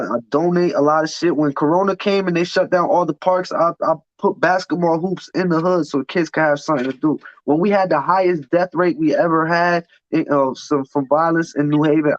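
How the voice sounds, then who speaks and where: A man's voice: a little high, no room sound. A man telling his story in casual chat, blunt, profane and heated. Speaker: podcast guest. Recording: dull, dry lo-fi sound.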